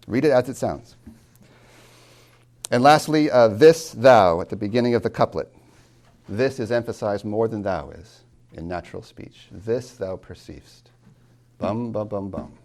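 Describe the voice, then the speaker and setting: Low gravelly male poetry tutor. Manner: animated, tapping out rhythms aloud; asks questions and answers them himself. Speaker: college tutor. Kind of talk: classroom lecture on poetry.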